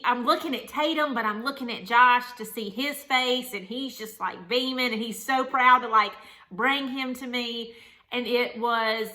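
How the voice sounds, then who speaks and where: A young woman shares a candid personal story in an earnest, meandering way, leaning on "like" as she talks. Her voice sits a little high and sounds bright and forward. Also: fairly even intonation, a little slow. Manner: earnest, rambling, many "like" fillers. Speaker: vlogger, new mother.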